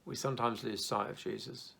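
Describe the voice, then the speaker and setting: Young man, church youth leader, casual video devotional, gravelly tone, earnest and reassuring. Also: medium pitch, fairly even intonation, brisk, bright, forceful tone.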